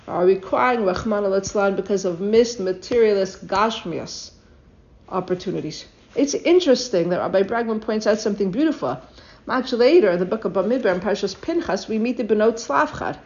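A woman teaching a weekly Torah lesson in an earnest, exhorting way, full of rhetorical questions, on a dull lo-fi recording. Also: medium pitch.

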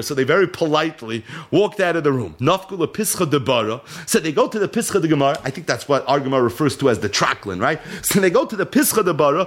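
A man teaching a Talmud lecture. He reads Aramaic text aloud, then translates it and tells the story with animated energy. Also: fairly high pitch. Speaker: Torah teacher.

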